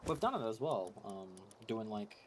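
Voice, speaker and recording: A man's voice: lowish voice, very animated, moderate pace. A man co-hosting a game stream, chatting casually and hesitantly, with plenty of fillers. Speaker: co-host streamer. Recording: loud background noise.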